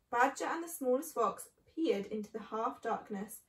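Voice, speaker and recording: A woman reading a children's book aloud in an expressive way. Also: a little high, moderate pace, echoey room, recorded from a distance, low-quality recording. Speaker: storyteller.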